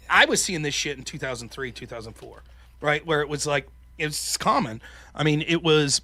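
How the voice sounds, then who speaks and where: A man in his thirties hosts a casual call-in show, spinning crude, animated anecdotes. His voice sits high and swings widely in pitch, with a bright, forceful edge. The sound is dry and close. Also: dry recording. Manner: animated, profane storytelling with acted-out quotes. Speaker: host.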